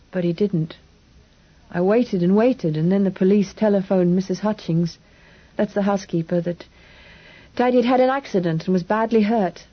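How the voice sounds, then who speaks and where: A woman reading an audiobook, voicing a frightened, hungry young English boy who talks quickly and anxiously. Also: medium pitch, highs cut off, close to an everyday voice. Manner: quick, anxious, breathless questioning.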